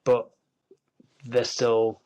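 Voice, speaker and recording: A man's voice: mid-range voice, monotone, very slow, a little mellow, dull audio. Rambling man with a Yorkshire accent. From Yorkshire, England. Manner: rambling, frequent restarts and fillers. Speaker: actor, interview guest. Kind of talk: casual interview talk.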